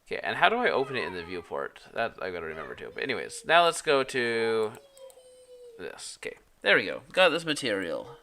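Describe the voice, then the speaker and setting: A man's voice: on the low side, wildly swooping pitch, brisk, gravelly, pushed and bright. Young man thinking aloud on stream. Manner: thinks aloud, rambling and self-correcting. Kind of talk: casual live-stream chat while working in 3D software.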